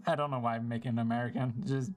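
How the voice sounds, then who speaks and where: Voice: mid-range voice, steady tone, very fast. A game streamer giving casual, self-mocking live commentary while playing. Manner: goofy, self-mocking, rambling.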